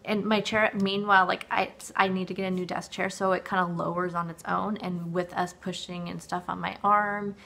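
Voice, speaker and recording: Woman in her forties, low-pitched, gravelly, dry throat, rambling chatty vlog talk at home. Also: level tone, moderate pace, few pauses, a bit bright. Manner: rambling, filler-heavy storytelling with many restarts. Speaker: weight-loss vlogger. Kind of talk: casual chat to camera.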